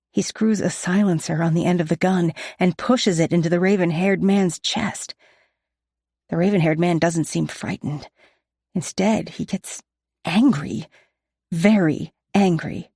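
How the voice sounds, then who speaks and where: A woman's voice: lowish voice, measured pace, gravelly, dark tone, slightly rough, no room sound, studio quality. A woman reading a romance audiobook in the first person, with intimate storytelling. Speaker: audiobook narrator.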